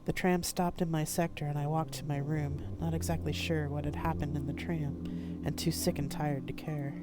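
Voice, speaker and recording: A woman reading her own novel aloud in steady first-person narration. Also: sits low, moderate pace, heavy background noise. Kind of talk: live-streamed audiobook reading.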